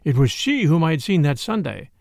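Brief: male audiobook narrator, gravelly texture, measured. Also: on the high side, sing-song, darkish tone, no room sound, studio quality. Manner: measured storytelling.

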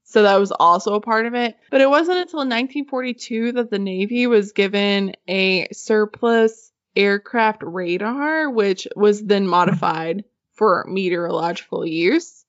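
A woman's voice: mid-range voice, measured pace, hardly any pauses, muffled recording. A woman hosting a podcast in casual chat, chatty and giggly, swearing casually. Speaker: podcast host.

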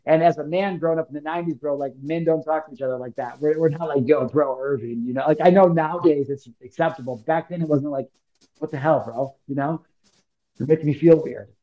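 Here the Illinois podcast guest, a man in his thirties from the United States, talks quickly with fairly even intonation in a voice on the high side. He tells his personal story in a casual, slangy, emphatic manner, acting out quoted lines, on a lo-fi recording.

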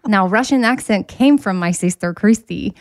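A woman hosting a podcast, chatting casually and telling stories with quick asides. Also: medium pitch, dry recording. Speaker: podcast host. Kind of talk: casual chat.

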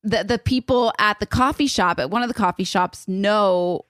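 A young woman telling a story in a rambling, animated way on a casual podcast, full of "like" and restarts. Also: mid-range voice, normal speed, no room sound, studio quality. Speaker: podcast co-host.

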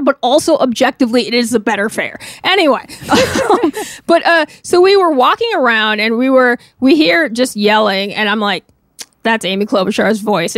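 A woman from Minnesota, a guest telling a story in casual chat, animated and laughing often, with lots of "like" fillers. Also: high voice, no echo, clean studio sound. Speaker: podcast guest, crop artist.

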